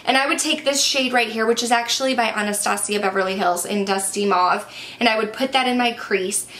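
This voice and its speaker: A woman's voice: on the high side, brisk, a bit bright. A young woman chatting casually and enthusiastically through a makeup review, a little out of breath. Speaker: beauty vlogger.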